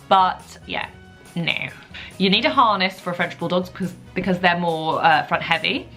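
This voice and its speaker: A young woman chatting casually in a relaxed way for her vlog, with lots of asides. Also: fairly low pitch, normal speed, soft background music. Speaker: vlogger. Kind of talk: casual chat.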